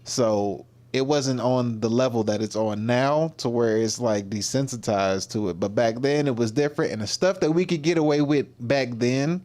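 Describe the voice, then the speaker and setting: A man casually commenting on clips during his livestream, rambling and circling back as he searches for words. His voice sits at a middling pitch, neither high nor low. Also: normal speed, few pauses, a little mellow. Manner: rambling, with lots of fillers and restarts. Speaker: livestream host.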